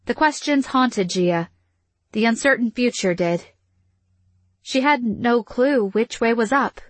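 Female audiobook narrator, measured and even, slightly high, dry booth sound. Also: no echo. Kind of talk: scripted fiction narration.

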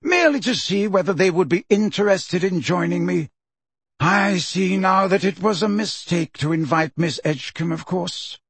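A man reading an audiobook, voicing a calm, pleasant old male headmaster wizard with gentle irony. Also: high-pitched, normal speed, breathy edge, no room sound, voice pushed up, full character voice.

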